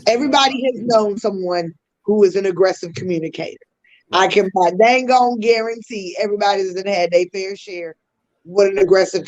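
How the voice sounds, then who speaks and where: A woman's voice: medium pitch, darkish tone, dull audio. A woman hosting a podcast, explaining communication styles in a teaching tone with casual slang asides. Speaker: podcast host.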